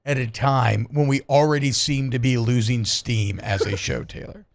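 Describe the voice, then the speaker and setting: A man hosting a casual sports radio talk show, chatting loosely and switching into hammy, drawn-out live ad reads. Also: creaky. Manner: animated, hammy pitchman on ad reads.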